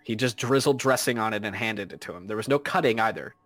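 A man's voice: on the low side, fast, fairly bright tone, no room sound. A man co-hosting a casual, profane chat, retelling a story with insistent, exasperated energy.

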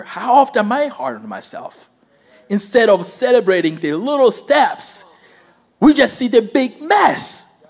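A man preaching a sermon and telling a personal story, animated, talking to the audience and laughing often as he goes. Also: high voice.

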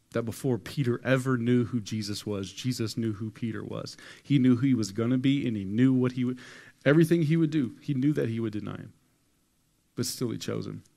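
A man's voice: medium pitch, creaky, a little mellow. A man preaching a sermon to a congregation, telling a story with casual slang and acting out the quoted voices. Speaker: pastor. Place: church hall with an audience.

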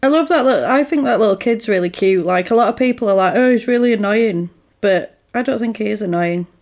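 A woman chatting loosely about a film, voice sitting at an ordinary middle pitch. She rambles and hedges with filler words as she walks through the plot, casual and unscripted. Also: expressive, fast, darkish tone. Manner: rambling, full of "like" and "sort of". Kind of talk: casual chat recapping a film.

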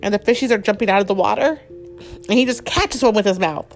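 A woman reading a picture book aloud to a child at home, telling the story expressively and pausing to ask him questions. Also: mid-range voice, faint music behind.

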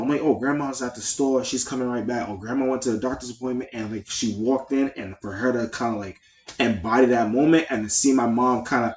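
A man's voice: medium pitch, brisk. Rambling heartfelt man in an echoey room. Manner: heartfelt, rambling, many fillers. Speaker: podcast co-host. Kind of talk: casual chat.

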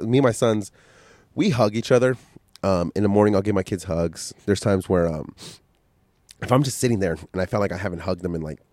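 A man with a lowish voice, fighting a cold with a stuffy nose and coughs, rambles bluntly and swears freely as he hosts a solo podcast. The sound is dry and close, with no room around it. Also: dark tone, no room sound. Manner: profane, blunt motivational rambling. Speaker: podcast host. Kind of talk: casual solo podcast monologue.

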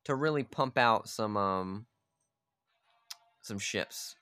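A man's voice: fairly low pitch, slow, bright, forceful tone, clean tone, no room sound. A man giving casual, profane gameplay commentary, chatting aloud and ordering his units around as he plays. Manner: chatty, swears freely, talks to his units. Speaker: gamer playing a strategy game.

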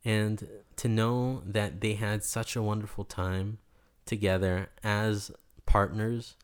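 A young man, a guest, telling a story in a soft, unhurried and thoughtful way. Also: fairly low pitch, level tone, clean tone. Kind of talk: reflective storytelling in conversation.

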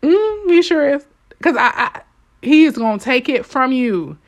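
A woman with a fairly high voice delivers an informal devotional message straight to her listeners. She presses her points with emphasis and says them more than once, calling out to her audience. She moves between fervent bursts and soft, quiet asides. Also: sing-song, unhurried. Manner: emphatic and repetitive, addressing listeners directly. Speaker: devotional speaker.

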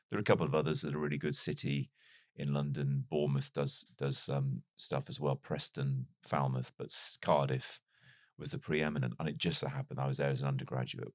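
Recorded close, dry, and without echo or room sound, a broadcaster guesting on an interview spins casual stories. His voice is very deep, lightly Liverpudlian, and his manner chatty and self-deprecating, with quick asides.

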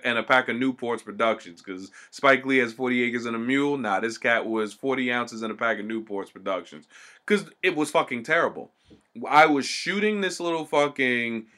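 A man's voice: mid-range voice, sharp tone. A man telling stories in a casual, profane way, swearing constantly and acting out the people he quotes.

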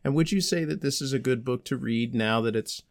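A man co-hosting a casual podcast with his child, relaxed and joking, quick to laugh. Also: mid-range voice, dry recording, studio quality. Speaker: podcast co-host, father.

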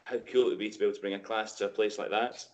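A man's voice: on the low side, steady tone, rapid-fire, highs cut off. Friendly man hosting an interview. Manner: friendly, encouraging, short affirmations. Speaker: host. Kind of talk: casual interview.

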